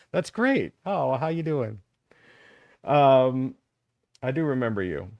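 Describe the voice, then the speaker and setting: A man's voice: mid-range voice, takes it slowly, creaky, no room sound. A man in his fifties from Texas, hosting a live talk show and animatedly telling school stories to a caller. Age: 50s. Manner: animated, reminiscing storyteller.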